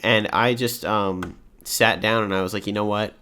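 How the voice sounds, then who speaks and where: A young man with a lowish voice tells a story on a podcast, animated and chatty. He pads his lines with casual fillers and keeps the tone easygoing. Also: moderate pace, clean tone. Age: young adult. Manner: chatty storyteller, animated, many "like" and "you know". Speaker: podcast co-host. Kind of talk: casual chat.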